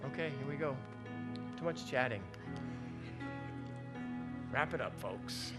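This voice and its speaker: A man's voice: mid-range voice, expressive, slow pace, loud music behind the voice. A man preaching a chatty sermon, joking and acting out the voices in his head. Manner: folksy, joking, acts out inner voices. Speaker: pastor. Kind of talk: conversational sermon.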